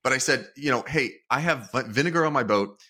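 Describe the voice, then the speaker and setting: A man co-hosting a podcast, telling a story in a relaxed, self-deprecating way. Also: mid-range voice, a little fast. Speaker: podcast co-host. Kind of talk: casual chat.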